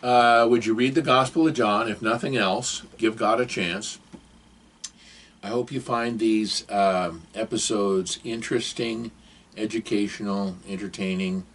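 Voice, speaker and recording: A man's voice: lowish voice, steady tone, unhurried, a bit bright, slight background noise. An older man giving advice in a casual, rambling, digressive monologue to camera.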